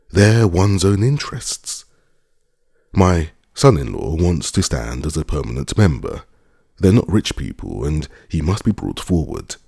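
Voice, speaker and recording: A genial old country landowner with grey whiskers, read by a man in an audiobook. He muses and lectures in a deep, gravelly, husky voice that rises and falls a lot. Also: a little mellow, dry recording, studio quality, heavily acted. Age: older. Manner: genial, reflective, slightly lecturing.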